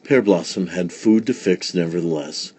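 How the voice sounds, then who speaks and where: A man reading a children's picture book aloud in a slow, deliberate storytelling manner. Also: sits low, dark tone, slightly rough. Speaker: storybook reader.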